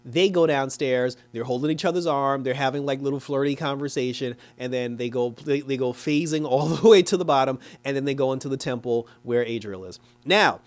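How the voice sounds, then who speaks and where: A man giving a casual, animated review of a TV episode, talking loosely with lots of "like" and quick laughs. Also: medium pitch. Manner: animated, chatty, frequent "like" and laughs; acts out characters in exaggerated quoted voices. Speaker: TV show reviewer.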